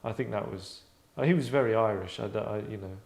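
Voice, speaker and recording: A man with a lowish voice hosts a casual chat, wry and chatty. He talks freely and loosely, and the room sounds roomy and echoey. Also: quick pace, gravelly, darkish tone. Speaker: host. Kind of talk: casual discussion. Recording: roomy echo.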